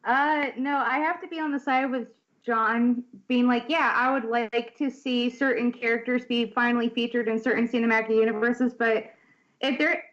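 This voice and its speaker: A woman's voice: a little high, steady tone, moderate pace, fairly bright tone. Laid-back woman, lo-fi podcast audio. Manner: laid-back, agreeing, joking. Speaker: podcast co-host. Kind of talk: casual group chat. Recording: dull lo-fi audio.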